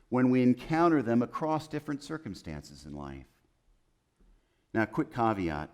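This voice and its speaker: A man preaching a sermon as pastor in a chapel, building through emphatic lists and dropping to soft, hushed quotes. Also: on the low side.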